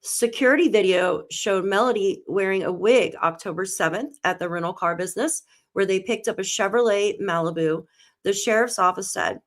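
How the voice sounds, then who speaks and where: A woman hosting a live true crime stream, her voice at an ordinary middle pitch. She greets her chat by name and reads a news report aloud, close to tears as she goes. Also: normal speed. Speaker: true crime channel host.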